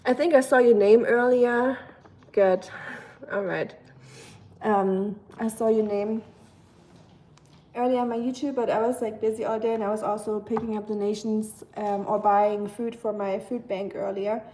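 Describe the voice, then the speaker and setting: Here the tired young German streamer talks at a measured pace, her medium-pitched voice dark and fairly even, with a bit of hiss or hum in the background. She chats loosely with her audience, going through comments and wandering off with lots of filler words.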